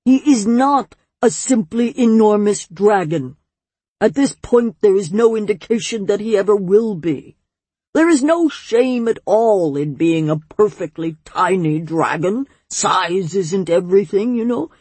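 A woman's voice: medium pitch, lively intonation, unhurried, mellow, slightly rough, dry recording, voice pushed up. A woman voicing an ancient male swamp monster who speaks mildly and grandly in a storybook reading. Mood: lecturing. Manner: mild, grandly pompous.

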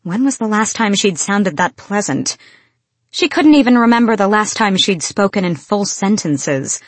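A woman reading fantasy fiction aloud in measured, expressive storytelling. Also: mid-range voice, no room sound. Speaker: audiobook narrator. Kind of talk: scripted fantasy narration.

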